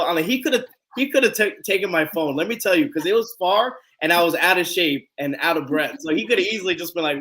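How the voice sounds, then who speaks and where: High-pitched and quick, this man tells a lively story while hosting a live stream. It's casual storytelling chat, and he animatedly acts out the quoted lines.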